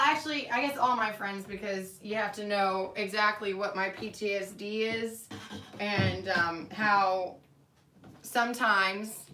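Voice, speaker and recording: Young adult woman, bright voice, middle pitch, candid rambling vlog, emotional, lots of fillers. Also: a little hiss or hum. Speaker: nurse. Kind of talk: personal vlog to friends and family.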